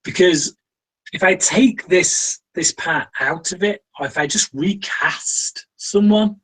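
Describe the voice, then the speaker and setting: A British man hosts a casual film review chat and speaks slowly and deliberately. He is opinionated and often stops on ums and restarts his sentences. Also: high voice, fairly bright tone, breathy edge, rough recording. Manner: opinionated, frequent fillers and restarts.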